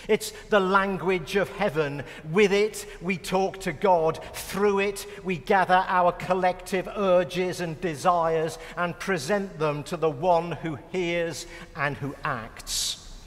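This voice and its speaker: A man's voice: high-pitched, long reverb tail. A middle-aged British man preaching a sermon with wry, self-mocking humor. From United Kingdom.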